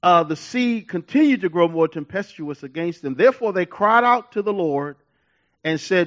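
A male pastor preaching a sermon in an animated way, laughing, repeating himself and telling stories. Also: sits high, normal speed, highs cut off.

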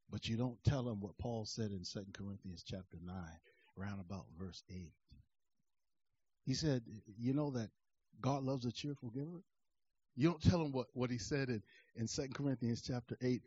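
A man preaching a sermon, swinging from quiet asides to shouted emphasis in a rhythmic cadence, laughing between points. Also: medium pitch, moderate pace, slightly rough, dry recording, muffled recording.

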